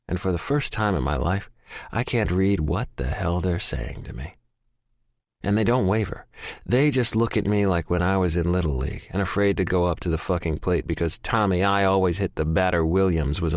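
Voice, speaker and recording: A man's voice: low voice, no echo, clean studio sound. A man narrating a first-person romance audiobook in a raw, emotional, profanity-laced way.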